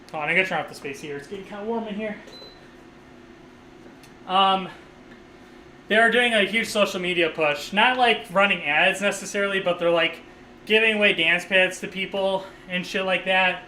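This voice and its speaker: A man's voice: high voice, pushed and bright, roomy sound, a little hiss or hum, low-quality recording. A man live streaming a game and chatting casually, rambling and swearing, laughing often, on a USB condenser microphone. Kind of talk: casual live stream chat while playing.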